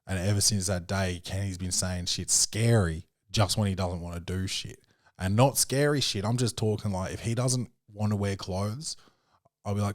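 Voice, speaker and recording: A man's voice: normal speed, no room sound. Rambling man, dry close mic. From Australia. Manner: rambling and profane, full of fillers and restarts; acts out quoted voices with sudden high pitch jumps. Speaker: podcast host. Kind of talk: casual solo film review chat.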